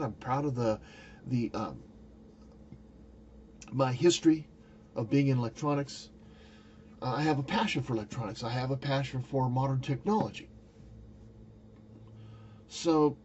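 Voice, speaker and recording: A man's voice: medium pitch, dark tone, lo-fi sound, a little hiss or hum. An older man talking casually to camera about a personal experience, rambling and searching for words with many restarts. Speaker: YouTuber recounting a spiritual experience.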